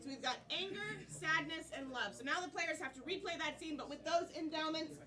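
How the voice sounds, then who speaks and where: A woman hosting a live improv comedy show, briskly taking suggestions from the audience. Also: high voice, a crowd in the background. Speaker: improv host. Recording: live stage with loud audience.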